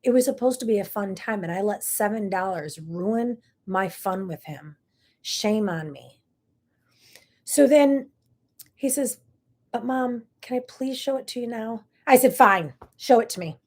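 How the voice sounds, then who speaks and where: A woman's voice: a little high, a little slow, a little mellow. A middle-aged woman hosting a talk show, telling a personal story in an earnest, emotional way with many asides. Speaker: host.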